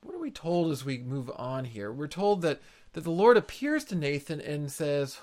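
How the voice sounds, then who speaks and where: A man's voice: fairly high pitch, big pitch swings, normal speed, darkish tone. A man preaching an expository sermon in an earnest way, repeating words for emphasis. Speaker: pastor.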